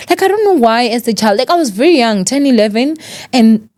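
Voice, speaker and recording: A woman in her thirties hosting a sit-down interview, gently encouraging her guest and opening up about her own past. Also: a little high, lively intonation, fast. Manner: gentle, frequent murmured encouragement. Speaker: interview host.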